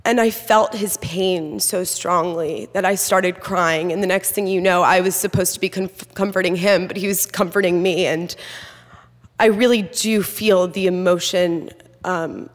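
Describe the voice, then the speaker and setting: A woman's voice: lowish voice, measured pace. A nervous woman in her twenties, a student speaker telling her own story candidly with many "um" fillers. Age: 20s. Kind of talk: personal storytelling speech. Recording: long hall reverb.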